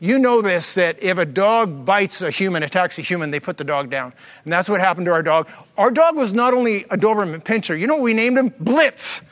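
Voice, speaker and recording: A man's voice: sits high, a little fast. A man preaching a sermon as pastor, mixing jokes and stories into his teaching. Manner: jokey storytelling preacher, lively asides.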